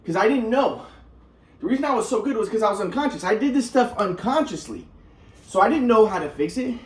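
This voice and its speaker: A man's voice: high-pitched, animated, a little fast. A man telling his own story in a rambling way, restarting sentences and repeating words. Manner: acts out quotes of others. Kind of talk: casual storytelling monologue.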